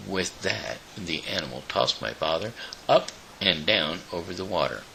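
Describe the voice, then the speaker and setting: A man reads a children's storybook aloud, haltingly and with small slips. His very low voice is gravelly yet bright, and it moves widely in pitch. He takes his time, and a faint hiss sits under the recording. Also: lively intonation, rough recording. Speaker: show host.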